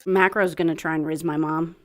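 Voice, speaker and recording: A young woman hosting a casual stream, playful and quick to laugh. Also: sits low, steady tone. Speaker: streamer host.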